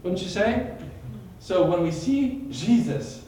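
A man's voice: high-pitched, expressive, slow, dark tone. A man leading a Bible study, teaching in a sermon style, retelling vividly and quizzing his listeners by name. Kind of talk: teaching sermon with questions to a group. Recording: echoey room from far off.

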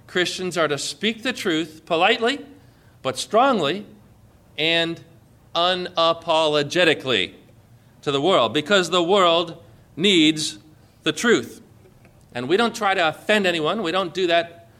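A man's voice: high-pitched, bright, forceful tone. A man preaching a sermon as a pastor, reading scripture aloud and driving his points home with emphatic force.

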